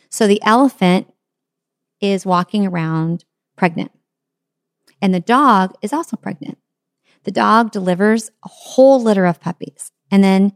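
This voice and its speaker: A woman's voice: medium pitch, a little mellow, dry recording, clean studio sound. A woman hosting a motivational podcast, speaking in an earnest, encouraging storytelling manner. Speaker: podcast host.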